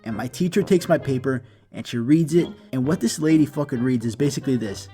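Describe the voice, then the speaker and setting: A young man telling an animated comedy story with fast, profane, exaggerated delivery. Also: mid-range voice, faint music behind.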